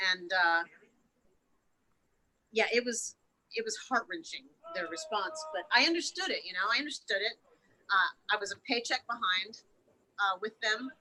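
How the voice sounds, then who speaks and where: A woman's voice: mid-range voice, expressive, unhurried, pauses often, bright, forceful tone, a little hiss or hum, low-quality recording. A woman guest on a podcast telling a painful story in an emotional, unfiltered way, swearing freely and often stumbling and restarting her sentences. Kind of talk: candid storytelling interview.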